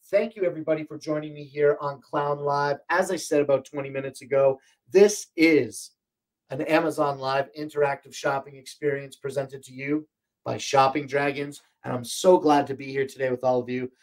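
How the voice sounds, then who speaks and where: A man's voice: on the high side, fairly even intonation, normal speed. Chatty man with a strained voice. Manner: rambling, chatty, many fillers and restarts. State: strained, breaking voice. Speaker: livestream shopping host. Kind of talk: casual livestream product chat. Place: home studio room. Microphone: desk microphone, more than an arm's length away.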